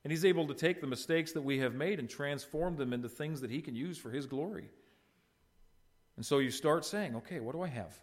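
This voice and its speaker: A man's voice: fairly high pitch, brisk. A middle-aged man preaching a sermon, addressing the congregation with rhetorical questions and short retold dialogue. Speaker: pastor.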